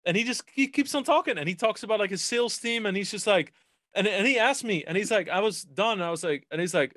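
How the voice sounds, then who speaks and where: A man's voice: high-pitched, lively intonation, fast, a bit bright, dry recording, studio quality. A man telling stories as a podcast guest in casual chat, swearing freely and talking animatedly.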